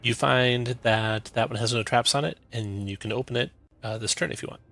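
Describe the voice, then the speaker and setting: A man's voice: mid-range voice, fairly quick, vocal fry, a bit bright. A man running a tabletop game as game master, calling turns with easygoing fillers over a voice call.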